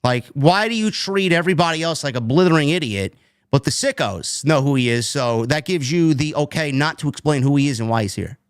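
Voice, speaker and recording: A fairly high-pitched man talks bluntly and with open exasperation, swearing as he goes. The sound is close and dry, with no room around it. He is reviewing the week's show as host. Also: expressive, brisk, clear, resonant tone, no echo. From New York. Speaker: podcast host. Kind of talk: casual wrestling review chat.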